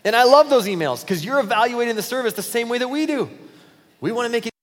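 A man's voice: extremely high pitch, lively intonation, in a large hall. A man preaching a sermon as pastor, in a conversational way, acting out short everyday dialogues. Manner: conversational, acts out quick dialogues in his talk. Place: church auditorium.

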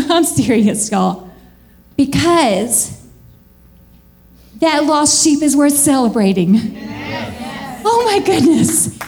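A woman preaching a lively church sermon, chatty and animated, laughing often and jumping into high excited squeals. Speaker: church speaker.

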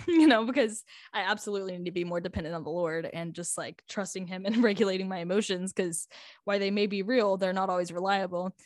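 A woman's voice: mid-range voice, no room sound. Chatty eighteen-year-old girl, dry close sound. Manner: chatty, lots of "like" and "um", laughs often. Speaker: high school student. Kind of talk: casual storytime vlog.

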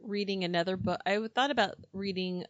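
A woman's voice: mid-range voice, brisk, no room sound, dull audio. A woman in a casual book club chat, hesitant and restarting her sentences.

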